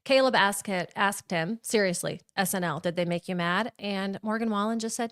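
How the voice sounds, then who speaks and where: A woman hosting a casual podcast, teasing her co-hosts and briskly moving between topics. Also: medium pitch, fairly bright tone, smooth, no echo, clean studio sound. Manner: teasing, brisk segue-driving. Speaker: podcast host. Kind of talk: casual chat and reading topics.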